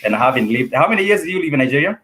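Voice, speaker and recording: A man's voice: on the high side, sing-song, very fast, a bit bright. A man hosting a studio interview show, rambling through questions with many fillers. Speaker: talk show host.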